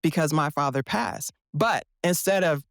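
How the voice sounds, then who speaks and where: A woman's voice: low-pitched, unhurried, gravelly, no room sound, clean studio sound. A woman therapist speaking as a podcast guest, passionate and emphatic, often asking rhetorical questions. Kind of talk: casual podcast conversation.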